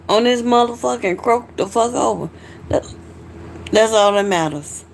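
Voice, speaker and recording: A tipsy woman hosts a casual late-night livestream, hiccuping, chatting loosely with viewers and swearing freely. She speaks a little slowly in a medium-pitched, slightly mellow voice with vocal fry. There's slight background noise.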